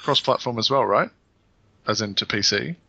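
A man co-hosting a gaming podcast, talking in an animated, sweary and rambling way. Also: mid-range voice, moderate pace, creaky, no room sound, dull audio. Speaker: podcast co-host. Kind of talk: casual chat.

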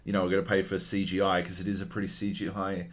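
A man's voice: low voice, little pitch movement, fast talker. A man with an Australian accent putting on the voice of over-eager male film studio executives as he jokes. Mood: pleading.

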